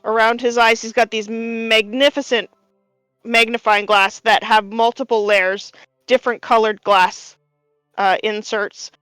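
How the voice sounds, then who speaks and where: A woman acts as game master, describing a workshop scene at a slow, careful pace. Her voice sits on the higher side and she fills pauses with ums and likes. The sound is close and dry. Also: level tone, fairly bright tone, smooth, no room sound, faint music behind. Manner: unhurried descriptive narration with many fillers. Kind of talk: narrating a tabletop game.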